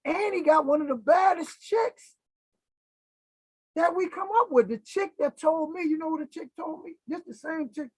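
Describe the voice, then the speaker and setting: A middle-aged man from Philadelphia telling stories in a casual interview, animated and acting out the voices of people he quotes. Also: very high voice, normal speed, dry recording, shouting, poor audio. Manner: animated, acts out quoted voices, keeps checking in with "right?". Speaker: interview guest. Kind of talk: casual storytelling.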